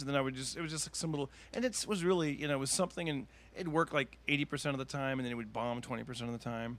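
A man swapping stand-up stories on a podcast, rambling, with plenty of fillers. He keeps slipping into quick cartoon voices while he talks. His pitch sits in an ordinary middle range. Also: fairly even intonation, a bit bright. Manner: rambling, full of fillers, bursts into cartoon impressions. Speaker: stand-up comedian, podcast guest. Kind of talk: casual storytelling chat.

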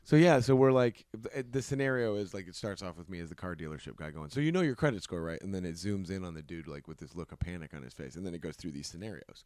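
A young man in casual podcast chat, telling lively anecdotes and slipping into quick put-on voices. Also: sits low, clear, resonant tone, no echo, clean studio sound. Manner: animated storyteller, puts on voices in anecdotes.

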